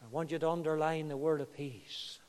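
A man delivers a church sermon in a notably high voice. He swings between quiet, hushed passages and loud, impassioned peaks. The long reverb of a large church hall trails behind every word. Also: fairly even intonation, moderate pace. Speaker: preacher.

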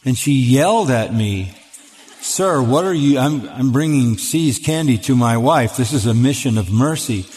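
A man's voice: medium pitch, lively intonation, normal speed, few pauses, darkish tone, slight background noise. Older man preaching in a reverberant hall. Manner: earnest, emphatic, repeats words when starting. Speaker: pastor answering questions. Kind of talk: sermon-style Q&A talk. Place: church auditorium. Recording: long reverb of a large hall.

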